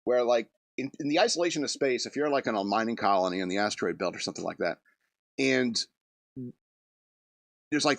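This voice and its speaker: A man's voice: medium pitch, a bit bright, no room sound. A man hosting a comedy radio show, rambling through a loose monologue with restarts and chuckles.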